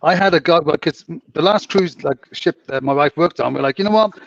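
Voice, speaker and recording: A man from Canada, rambling through anecdotes with many restarts. His voice is a little high and sounds set back from a dull mic. The sound is dry. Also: fairly quick, gravelly, fairly bright tone, no echo. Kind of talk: casual chat. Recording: distant, muffled mic.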